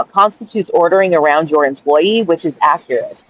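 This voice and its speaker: A woman's voice: on the low side, animated, moderate pace, few pauses, dull audio. Woman reading her journal, blunt and profane. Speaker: caregiver. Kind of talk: reading a journal aloud and ranting.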